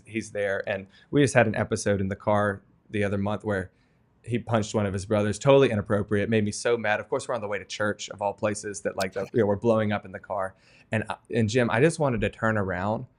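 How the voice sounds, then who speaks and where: A man in his thirties, a guest author telling parenting stories in an earnest, animated way during a podcast interview. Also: on the low side. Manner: earnest, animated storytelling with laughs.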